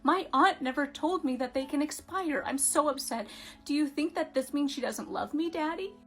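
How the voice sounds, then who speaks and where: A woman voicing a ditzy, childlike young woman who plays dumb, in a high babyish sing-song. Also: normal speed, fairly bright tone, soft background music. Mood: gushing, babyish.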